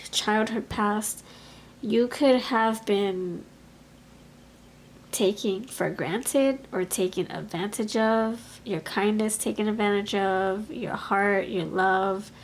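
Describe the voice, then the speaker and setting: A woman giving a pick-a-card tarot reading in an expressive, chatty way, talking aloud to Spirit as she goes. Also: mid-range voice, poor audio. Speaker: tarot reader.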